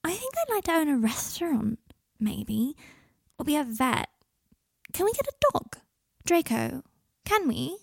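A woman's voice: high-pitched, very animated, a little slow, gravelly, dry recording, clean studio sound, pitched above the performer's own voice, exaggerated voice. A woman voicing a drunk, needy teenage girl in a storybook reading, pouting and sing-song. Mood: tipsy. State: tipsy.

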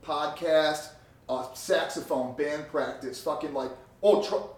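A young man co-hosting a podcast, telling stories in a profane, animated way. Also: on the high side, slow pace, a little hiss or hum. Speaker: podcast co-host. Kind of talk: casual chat. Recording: roomy sound, distant from mic.

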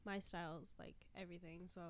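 A young woman co-hosting a casual podcast, chatting quickly and peppering her talk with "like". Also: fairly low pitch, level tone. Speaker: podcast co-host. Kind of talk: casual chat.

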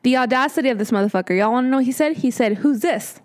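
A woman in her late twenties tells a story on her podcast in loose, casual chat. Her voice sits a little higher than most. She swears freely and acts out her own exasperated replies. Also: rapid-fire, clean tone. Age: 20s. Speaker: podcast host.

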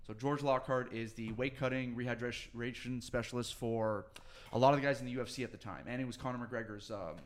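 Fast-talking man telling his story. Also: medium pitch, steady tone. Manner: fast storytelling, swears often, acts out quotes. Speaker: guest, nutritionist and weight-cut coach. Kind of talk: casual podcast chat.

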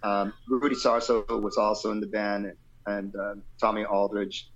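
A man's voice: lowish voice, flat delivery, normal speed, highs cut off, slight background noise. A middle-aged man, a guest musician, telling a loose anecdotal story in an interview and acting out the quotes.

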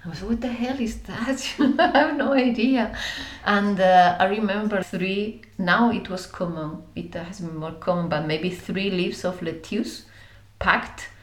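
Woman from Spain, lively storyteller. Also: mid-range voice, measured pace, reverberant. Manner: animated, laughing, acts out scenes. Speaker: interview guest. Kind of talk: reflective storytelling.

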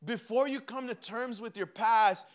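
A young man preaching a sermon, animated and humorous, acting out little dialogues with himself and God. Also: very high voice, a little slow. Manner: mixes laughter and humor into preaching. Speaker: pastor.

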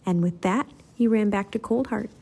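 A woman's voice: medium pitch, moderate pace, vocal fry, dark tone, slightly rough. A woman reading a children's storybook aloud, narrating expressively. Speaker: storybook reader.

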